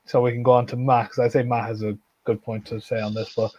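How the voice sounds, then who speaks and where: A man's voice: mid-range voice, little pitch movement, fast talker, darkish tone, breathy edge, dry recording, highs cut off. A man in a casual football chat, blunt and opinionated, often restarting his sentences. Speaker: football podcast panelist.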